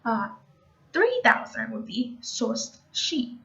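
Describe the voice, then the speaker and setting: A woman teaching in a slow, unhurried way, with a fairly high voice. She explains each word patiently, says it again, and drops in chatty asides. The recording sounds dull and lo-fi. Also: sing-song, creaky, pushed and bright. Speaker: language teacher. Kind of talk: casual spoken lesson.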